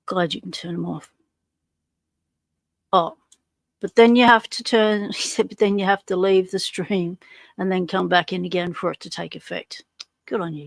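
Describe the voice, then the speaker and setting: An Australian woman hosts a relaxed livestream and talks in an unhurried, drawn-out way. She greets chat viewers one by one with easygoing slang. Her voice sits close and dry on the microphone. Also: on the low side, vocal fry, no room sound. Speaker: livestream host.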